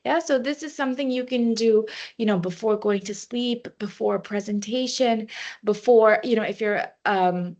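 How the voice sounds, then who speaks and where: A woman's voice: a little high, normal speed, a little mellow. A woman wellness trainer giving a workshop talk, leading a breathing exercise and giving practical advice with frequent "you know" fillers.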